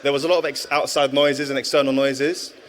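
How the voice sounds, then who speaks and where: A man's voice: mid-range voice, flat delivery, fairly quick, slight background noise. A man in his thirties, a former footballer and guest at a live event, telling his story in an earnest, reflective way with frequent restarts. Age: 30s. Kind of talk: live stage interview, testimony.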